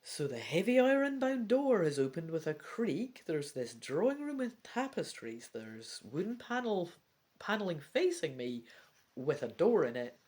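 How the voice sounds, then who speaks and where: A woman's voice: lowish voice, sing-song, a little slow, darkish tone. A woman reading a gamebook aloud and chatting through her choices, with self-mocking asides and the occasional whisper. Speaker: gamebook reader.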